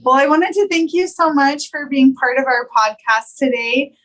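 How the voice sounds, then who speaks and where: Higher-voiced woman podcast host. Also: moderate pace, low-quality recording. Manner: warm affirming interviewer. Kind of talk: casual interview, then scripted outro.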